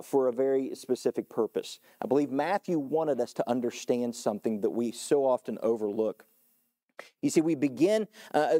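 A man preaching a sermon as pastor, earnest, climbing to emphatic high points and falling back low, often repeating and restarting words. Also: mellow. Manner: earnest, rising to emphatic peaks then dropping low.

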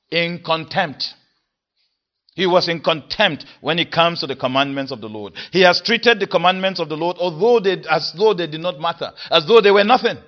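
A man preaching an expository sermon, stressing key words with force and then dropping his voice low. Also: fairly bright tone. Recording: dull lo-fi sermon recording.

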